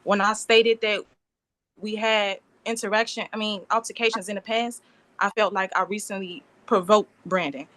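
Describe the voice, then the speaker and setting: A woman in her twenties speaks at a court hearing from a remote call, her words running together as she pleads. Her voice sits at an ordinary middle pitch, recorded dry with no room echo. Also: a bit bright. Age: 20s. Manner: emotional, pleading, run-on sentences. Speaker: alleged victim addressing a bond hearing. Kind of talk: unscripted plea in court.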